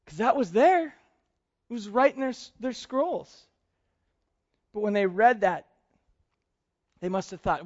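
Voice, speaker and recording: A pastor delivers his sermon in a loose, conversational way and laughs lightly between points. His voice sits very high for a man. The recording is muffled and lo-fi. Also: lively intonation, slow pace, long pauses. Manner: conversational, chuckling often. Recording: dull lo-fi sound.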